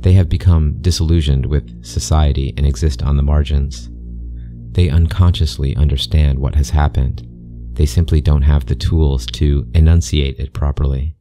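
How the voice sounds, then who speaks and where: A man voicing a mysterious male interviewer speaking through a speaker, calm, polite and cold, with an accent that is neither British nor American. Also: rumbling low, normal speed, soft background music. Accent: unplaceable accent, neither British nor American.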